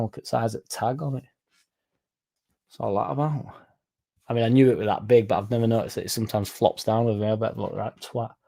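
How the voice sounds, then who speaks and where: A man's voice: fairly low pitch, gravelly, a little mellow. A young man hosting a casual livestream, reading out comments and going off on sweary, rambling tangents. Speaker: fan channel livestream host.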